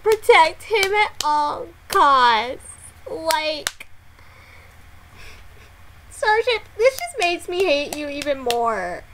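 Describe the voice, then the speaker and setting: High, animated young-sounding woman reacting. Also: extremely slow, pauses often, a little hiss or hum. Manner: excitable, loud dramatic exclamations, swears often. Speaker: music reaction YouTuber. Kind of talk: casual reaction vlog.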